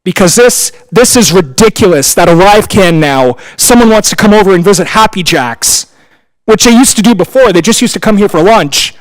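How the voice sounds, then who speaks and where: A man speaking at a town council meeting, clearly frustrated and impassioned. His voice sits fairly high for a man and is raised in anger as he argues his case. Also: lively intonation, moderate pace, rough recording.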